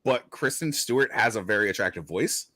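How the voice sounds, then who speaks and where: A man's voice: lowish voice, lively intonation, fairly quick, pushed and bright, no room sound. Rambling man in casual chat. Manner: rambling, swears, many fillers and restarts.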